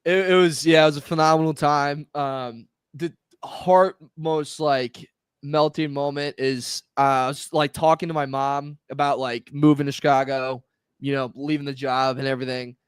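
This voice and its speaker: A man's voice: a little high, fairly even intonation, normal speed, clean tone, no echo, clean studio sound. A man co-hosting a casual podcast, telling family stories and laughing through them. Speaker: podcast co-host. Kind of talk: casual storytelling chat.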